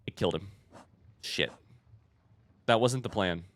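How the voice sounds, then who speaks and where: A man's voice: medium pitch, animated, moderate pace, pauses often, a bit bright, slight background noise. A man streaming a video game, chatting casually with his viewers and swearing when he loses. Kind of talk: casual gameplay commentary.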